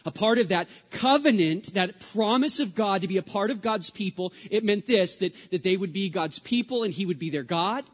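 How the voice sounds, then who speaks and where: Male pastor, high voice, emphatic sermon delivery with hushed refrains; muffled, echoing sanctuary recording. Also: animated, moderate pace, hardly any pauses. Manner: emphatic, repeats refrains, swings between loud and hushed. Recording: dull sound with long hall reverb.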